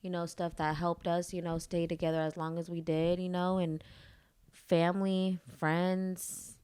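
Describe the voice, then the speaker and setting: A woman's voice: fairly low pitch, level tone, unhurried, darkish tone, clean tone. A young woman co-hosting a casual podcast, chatty and laughing often. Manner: chatty, laughs often, echoes her partner. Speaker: podcast co-host. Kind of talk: casual chat.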